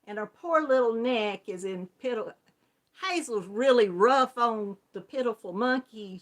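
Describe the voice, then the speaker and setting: Slow-talking, bright Southern woman. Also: on the high side. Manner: chatty, affectionate, laughs often, calls viewers hon. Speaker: crochet channel host. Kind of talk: casual chat greeting viewers.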